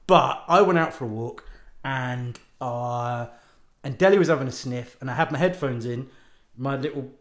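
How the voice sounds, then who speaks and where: A man's voice: medium pitch, normal speed, echoey room. A man hosting a podcast, telling a rambling, sweary story and laughing often in exasperation. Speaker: podcast host and author. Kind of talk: rambling casual monologue.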